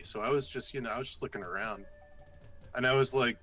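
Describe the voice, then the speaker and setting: A man co-hosting a casual chat, telling a story in an animated way and swearing freely. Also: medium pitch, a little fast, faint music behind. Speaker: podcast co-host.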